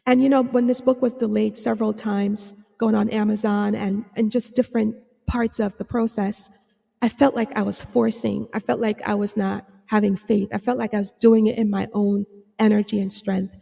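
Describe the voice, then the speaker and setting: A woman hosting her own podcast as a psychotherapist, talking earnestly with many fillers and restarts, a little hoarse. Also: medium pitch, flat delivery, moderate pace, dark tone, long reverb tail. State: slightly hoarse, clearing her throat. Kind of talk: reflective solo podcast talk.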